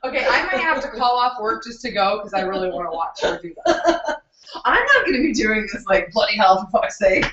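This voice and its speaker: A woman's voice: a little high, very animated, a little fast, crowd noise. A woman co-hosting a home cooking show in a kitchen, joking playfully. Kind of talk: casual chat. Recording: roomy, distant, dull sound.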